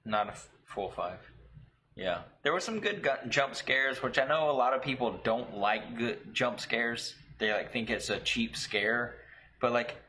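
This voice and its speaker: A man co-hosting a casual movie chat, profane and animated when he tells stories. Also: mid-range voice, unhurried, a little hiss or hum. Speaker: podcast co-host.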